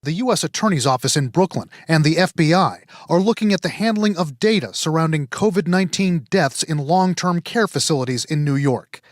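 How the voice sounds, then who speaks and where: A man delivering a formal news report in a crisp way. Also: a little high, fairly quick, few pauses, no room sound, clean studio sound.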